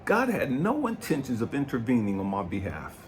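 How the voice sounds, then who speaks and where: Man in his fifties, life coach, profane fired-up motivational talk, lively swinging pitch. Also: brisk, a little hiss or hum. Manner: blunt and profane, keeps asking "you know what I mean"; shifts from low brooding to loud fired-up preaching. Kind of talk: impassioned motivational monologue.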